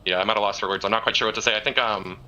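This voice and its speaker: Brief: man caller, bright tense tone, rushed and halting, defensive. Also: on the low side, steady tone. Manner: halting, defensive, searching for words. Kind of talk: defensive debate on a call.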